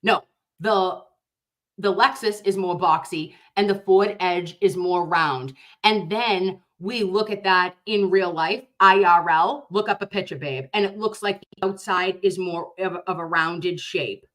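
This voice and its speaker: Reacting to a juror interview in a casual chat, this Dorchester, Boston host has a fairly low pitch and a Boston accent and talks a little slowly. She's excitable and animated, swears, and addresses viewers as babe and loves.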